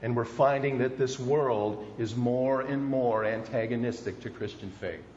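An older man preaching a sermon, earnest and emphatic, slowing down to stress key words. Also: mid-range voice, darkish tone, a little hiss or hum. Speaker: pastor. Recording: muffled, reverberant hall.

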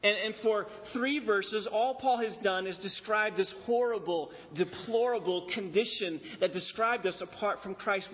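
A pastor preaching an expository sermon, emphatic, repeating key phrases and slowing on stressed words. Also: male voice, high voice, fairly bright tone. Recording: dull recording in a reverberant hall.

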